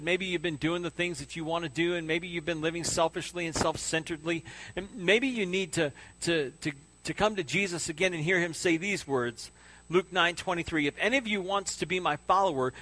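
A man, a pastor, preaching a sermon with an earnest, repetitive cadence that sinks soft and low on key words.

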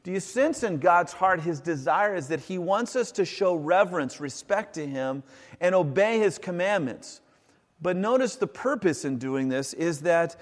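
A man's voice: fairly high pitch, long reverb tail. A man preaching a sermon in an earnest, conversational way, repeating commands for emphasis. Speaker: pastor.

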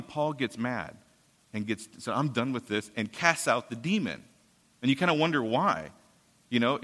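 A man's voice: mid-range voice, a bit bright. Man preaching in a reverberant hall. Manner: casual storytelling, paraphrasing scripture. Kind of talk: sermon.

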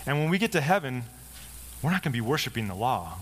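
A middle-aged male pastor in a sermon, telling a personal story in a relaxed, conversational way, acting out the lines of the people in it. His voice sits at an ordinary pitch, with a faint room ambience behind him. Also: fast talker, slight background noise. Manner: conversational storytelling, lively quoted dialogue.

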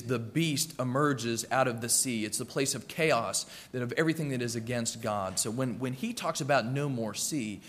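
A man preaching a sermon with earnest, rhythmic repetitions, slowing down and softening for emphasis. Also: mid-range voice. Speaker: pastor. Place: church sanctuary. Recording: long reverb of a church hall.

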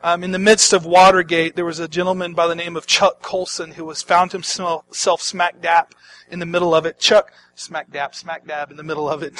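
High-voiced man preaching dramatically. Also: flat delivery, normal speed, rough recording. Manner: dramatic, swings from hushed to loud. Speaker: pastor. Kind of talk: sermon.

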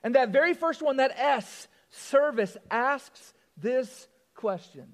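A man preaching a sermon as pastor, telling a joke story with lively swings from loud to hushed. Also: very high-pitched, slow pace, long reverb tail.

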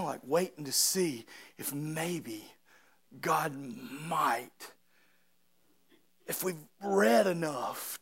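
A man preaching a sermon with passion, dropping to quiet asides and rising to shouted peaks. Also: on the high side, gravelly, slightly rough. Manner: impassioned, swings from quiet to shouting.

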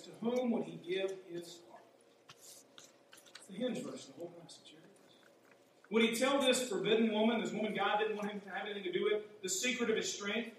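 A man preaching a sermon in a conversational way, asking his listeners rhetorical questions. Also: sits high. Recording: echoey hall, mic far off, faint hum.

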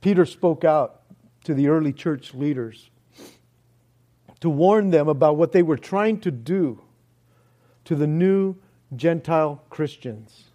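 A man preaching a sermon, slow and earnest, often dropping to soft, hushed words. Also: a little high. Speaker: pastor. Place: church hall.

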